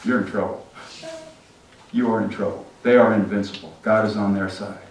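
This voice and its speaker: A man's voice: lowish voice, fairly even intonation, normal speed, a little hiss or hum, natural voice. A man voicing the blunt wife of a royal adviser in a retold story. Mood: warning. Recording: echoey sanctuary, distant mic.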